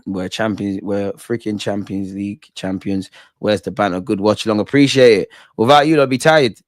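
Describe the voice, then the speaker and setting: A young man hosting a live football watch-along, excitable and slangy, shouting out his viewers. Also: lowish voice, normal speed, no echo, clean studio sound. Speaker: fan channel host.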